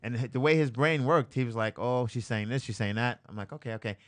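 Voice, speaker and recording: A man telling comic stories in casual podcast talk. His voice is bright and forceful. He acts out what people said and laughs often. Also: mid-range voice, fast talker. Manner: animated storyteller, laughs often, acts out quotes. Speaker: comedian guest. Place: studio, live-streamed.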